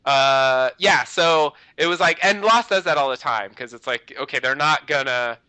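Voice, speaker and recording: A man's voice: a little high, normal speed, pushed and bright, smooth, no echo, low-quality recording. A man co-hosting a podcast in casual chat, rambling and peppering his talk with "you know" and restarts. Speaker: podcast host.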